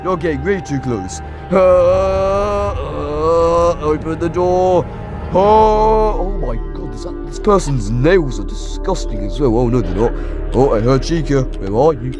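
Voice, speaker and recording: A man's voice: fairly high pitch, unhurried, over music. A man giving let's play commentary on a horror game, jumpy, shrieking at scares and taunting the enemies. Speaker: gaming YouTuber.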